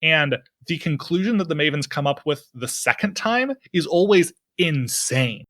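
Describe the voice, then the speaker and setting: A man talks through tabletop game rules in a loose, enthusiastic way, with plenty of fillers. His tone is bright and forward. The sound is close and dry. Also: fairly high pitch, expressive, moderate pace, dry recording. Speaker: podcast co-host explaining game rules. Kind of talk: casual explanatory chat.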